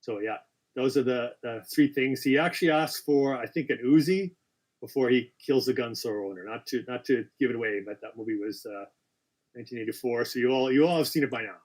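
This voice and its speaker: Reading questions on a laid-back live-stream quiz, this man keeps correcting himself, apologizing quickly and adding chatty side remarks. He has an average-pitched voice.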